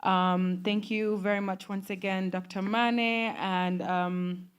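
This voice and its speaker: A woman from the Gambia hosting a formal breakfast meeting, speaking in a measured way with many fillers. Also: mid-range voice, flat delivery, clear, resonant tone. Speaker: event host. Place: conference room at a breakfast meeting.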